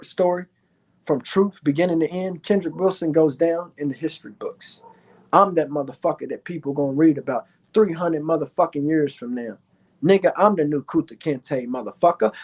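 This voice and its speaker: Dude ranting on his vlog, bragging and cussing nonstop, repeats himself a lot. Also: on the high side. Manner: boastful, profane, repetitive. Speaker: vlogger.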